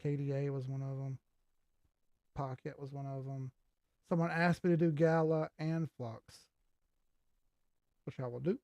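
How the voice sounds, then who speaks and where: A man's voice: medium pitch, little pitch movement, a little slow, pauses often, mellow, no echo. An older man hosting a crypto livestream, talking loosely and with profanity while reading out viewer comments. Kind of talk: casual livestream chat.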